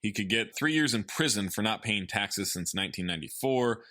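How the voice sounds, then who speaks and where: A man's voice: on the low side, lively intonation, a little fast, sharp tone, no echo, clean studio sound. A man co-hosting a podcast, casually recapping a film's plot with profanity and laughter. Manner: loose, profane, laughs while summarizing plot. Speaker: podcast co-host recapping a film. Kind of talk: casual chat.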